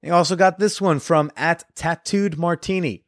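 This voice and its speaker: A young man hosting a podcast in casual chat, excitable and swearing freely, with frequent restarts. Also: on the high side, normal speed, no echo, studio quality. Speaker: podcast host.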